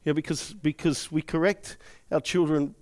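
The pastor, a middle-aged man, has a slightly high voice and talks at an ordinary pace. His sermon is built on emotional personal stories, animated in delivery, with quotes he acts out.

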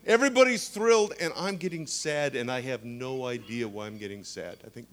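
A man in his sixties preaching a sermon, telling stories with humorous asides and animated emphasis. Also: mid-range voice, brisk.

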